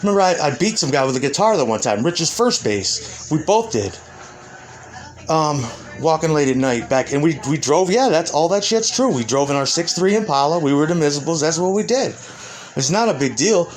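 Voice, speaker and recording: A man's voice: on the high side, lively intonation, normal speed. A man, a musician, in a rambling and profane rant, combative and heated. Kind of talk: ranting monologue.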